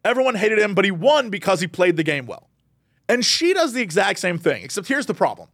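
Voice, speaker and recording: A man co-hosting a casual podcast, ranting in an animated way and jumping into quoted voices. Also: high voice, a little fast, no echo, clean studio sound. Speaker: podcast co-host.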